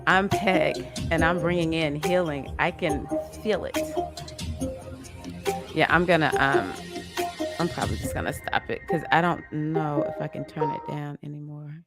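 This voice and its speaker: A woman hosting a live online women's circle, reading out chat comments in a soft, affectionate, unhurried way. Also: low voice, steady tone. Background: music playing.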